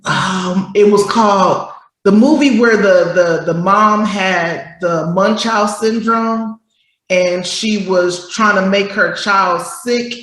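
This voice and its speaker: A woman co-hosting a talk show who explains slowly, reads definitions aloud and acts out the voices she quotes. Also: mid-range voice, fairly bright tone, reverberant, low-quality recording. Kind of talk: casual chat, reading definitions aloud.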